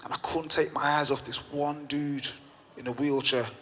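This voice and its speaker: A man's voice: fairly high pitch, fairly even intonation, moderate pace, fairly bright tone. A man, a gym owner and podcast guest, telling a story with passionate emphasis and repeated phrases. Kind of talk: storytelling in conversation. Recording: long reverb.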